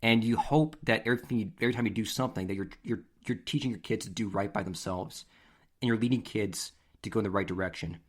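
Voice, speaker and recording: A man hosting a podcast, telling stories in a casual, animated, conversational way. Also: on the low side, quick pace. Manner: animated, conversational, acts out scenes. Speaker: podcast host. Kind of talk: casual storytelling.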